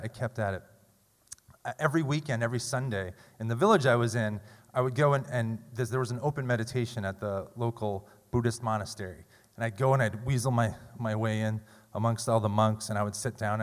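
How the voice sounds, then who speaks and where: A man in his thirties telling a funny, self-deprecating story live on stage at a story slam, with loud bursts. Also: mid-range voice. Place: large theater stage. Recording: long hall reverb.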